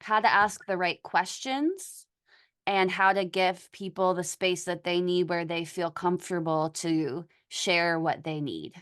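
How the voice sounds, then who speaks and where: A woman hosting a casual podcast chat, speaking earnestly and haltingly with many pauses. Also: on the low side, fairly bright tone, clear, resonant tone. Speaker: podcast host.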